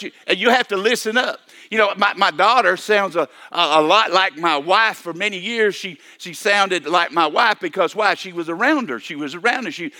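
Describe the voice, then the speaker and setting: A man's voice: high voice, bright, forceful tone. An older man preaching a sermon, repeating and restarting his phrases and calling for amens. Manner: repetitive, stammering restarts, calls for amen.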